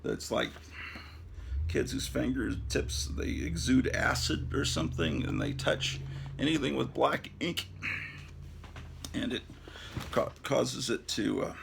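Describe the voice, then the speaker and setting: A middle-aged man rambling through a casual home tour vlog with halting restarts, addressing viewers as ladies and gentlemen. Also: mid-range voice, sing-song, creaky, a little hiss or hum. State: out of breath. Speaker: collector giving a home tour. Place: house interior.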